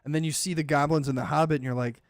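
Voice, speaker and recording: A man hosting a casual podcast chat, animated and swearing, acting out movie lines as he goes. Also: on the high side, racing, dry recording, clean studio sound. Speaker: podcast host.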